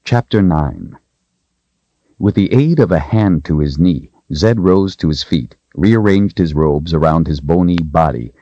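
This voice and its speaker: A man reading a fantasy novel aloud with dramatic, expressive storytelling. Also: very deep voice, no room sound, dull audio. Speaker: audiobook narrator. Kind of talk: scripted fantasy narration.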